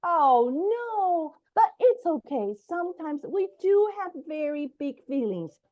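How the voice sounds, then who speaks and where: A woman author reading her children's picture book aloud in an animated storybook manner, teaching Mandarin words along the way. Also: high voice, a little slow, muffled recording.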